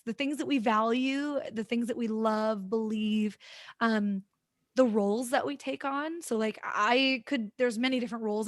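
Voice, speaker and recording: A woman in her thirties hosts a podcast in a relaxed, explanatory tone and keeps checking in with her listener. Her voice sits a little high. The sound is dry and close, with no room echo. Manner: explains points and checks in with "right?", laughs easily. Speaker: podcast host and teacher. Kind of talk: casual explanatory chat.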